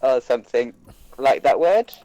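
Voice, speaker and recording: West Midlands man, tabletop player, playful, halting restarts, dry close sound. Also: medium pitch, expressive, warm tone, dry recording, low-quality recording. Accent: English West Midlands. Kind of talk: tabletop game play. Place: home, online session.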